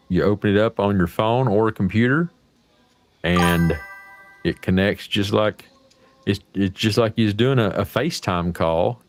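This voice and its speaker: A man's voice: lowish voice, no room sound. An American man hosting a casual livestream chat, talking in a folksy, profane, rambling way. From United States. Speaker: livestream host.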